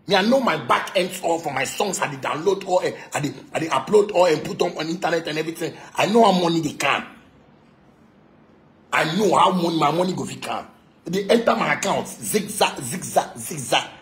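A man's voice: a little high, expressive, brisk, fairly bright tone. A man from Ghana with a Ghanaian Pidgin English accent, a musician ranting in a boastful, taunting, profane monologue that keeps repeating its points. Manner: repetitive, insistent.

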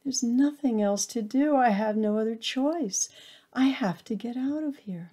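Tiny scared acorn crying out in a high squeaky voice, woman reading it. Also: measured pace, warm tone, lightly acted. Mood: desperate. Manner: breathless, pleading cries. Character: small frightened lonely acorn, yearning for light.

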